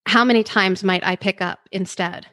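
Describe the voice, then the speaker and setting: A woman's voice: mid-range voice, fairly even intonation, normal speed, bright, forceful tone. A woman co-hosting a conversational talk, thoughtfully adding her own points.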